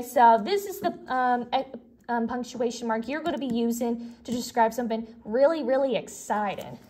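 A woman's voice: on the high side, normal speed, warm tone. Friendly young woman teaching young kids. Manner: friendly and explanatory, with frequent fillers and restarts. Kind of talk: recorded elementary classroom lesson.

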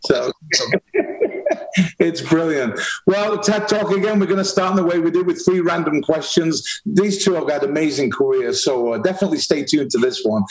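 A man's voice: on the high side, moderate pace, poor audio. A man from England, hosting a podcast interview in a chatty, upbeat way. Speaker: podcast host. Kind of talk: casual interview chat.

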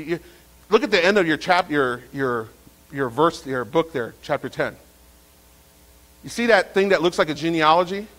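High-voiced pastor preaching a sermon. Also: male voice, rough recording. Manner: lively preaching with repeated phrases and restarts.

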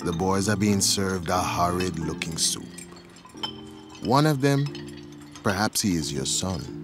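A man's voice: low voice, unhurried, music in the background. A man narrating a scripted story in the second person, in a dramatic storytelling manner.

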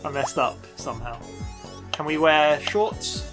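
A man's voice: a little high, a little slow. A man commentating a video game with friends, making crude jokes and laughing a lot. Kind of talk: let's play commentary. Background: game music.

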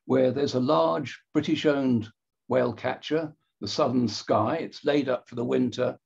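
A man giving an illustrated history talk with slides, measured and wry, pausing and correcting himself as he goes. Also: medium pitch, creaky, a little mellow, husky, highs cut off.

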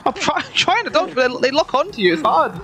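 A woman's voice: sits high, very animated, a little fast, background noise. A young woman chatting casually over her gameplay, laughing often and talking back to the game and her chat. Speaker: streamer. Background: faint game music.

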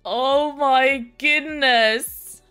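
With a high, pushed, bright voice and drawn-out words, a young British woman streams a game over soft background music. She chats with viewers in live commentary, giggling frequently and poking fun at herself.

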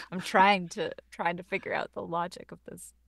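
A woman's voice: on the low side, gravelly, no room sound, clean studio sound. A woman player teasing and joking during a tabletop game. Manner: playful, teasing.

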